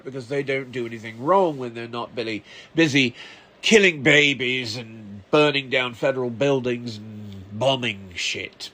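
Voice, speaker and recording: A podcast host putting on an English accent for comic effect, ranting sarcastically and with exasperation about the news. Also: male voice, a little high, a bit bright. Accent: put-on English accent. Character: man faking a posh English accent, grumbling. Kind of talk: comedic ranting commentary.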